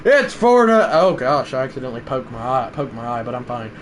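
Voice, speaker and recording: A young man streaming live gameplay commentary, swinging between loud outbursts and low muttering to his viewers. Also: fairly even intonation, fast, a little hiss or hum. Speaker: livestreamer.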